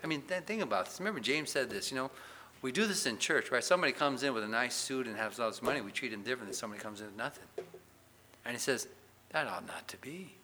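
Guy preaching in church, emphatic, punchy questions, crisp bright voice. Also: mid-range voice, lively intonation, quick pace, a little hiss or hum. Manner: emphatic preaching, rising loud on questions and Bible quotes. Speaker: pastor. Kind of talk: sermon.

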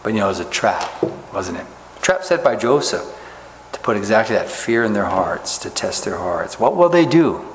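A man preaching a sermon, reading scripture and explaining it in a folksy, conversational way, often asking his listeners rhetorical questions. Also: on the low side. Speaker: pastor. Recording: echoey hall with faint ambient noise.

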